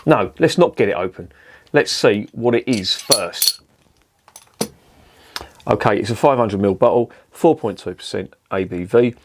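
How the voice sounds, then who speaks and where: A man's voice: lowish voice, lively intonation, unhurried, pauses often, background noise. Sweary beer reviewer man. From southern England. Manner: sweary, rambling and jokey. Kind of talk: casual beer review vlog.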